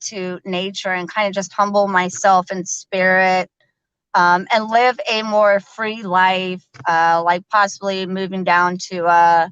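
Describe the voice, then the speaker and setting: A woman's voice: on the low side, fairly bright tone, clean tone, dry recording, muffled recording. A woman hosting a live stream in casual chat, chatty, laughing often and using lots of fillers. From American South.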